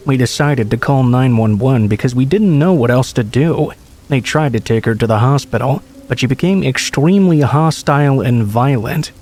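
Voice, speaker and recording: A man narrating true horror stories in a calm, measured, scripted way. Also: medium pitch.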